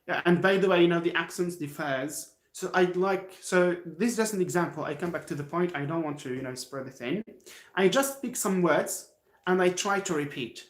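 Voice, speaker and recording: A man with an Algerian accent teaches English on a live stream from home, encouraging his viewers and circling back over the same points. His voice sits a little high for a man. The room around him is echoey. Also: moderate pace. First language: Algerian Arabic. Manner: encouraging, repeats himself, answers chat.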